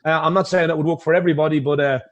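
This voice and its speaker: A man's voice: fairly high pitch, steady tone, rapid-fire, lo-fi sound. An Irish man who plays in a pub house band, telling stories with animation in a casual interview and laughing through his points.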